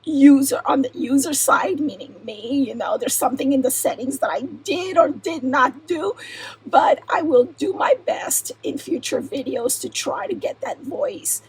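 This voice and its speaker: Soft-spoken giggly woman, high and lively. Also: unhurried, rough recording. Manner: soft, half-whispered, giggly. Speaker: crafting vlogger. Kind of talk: casual unboxing chat.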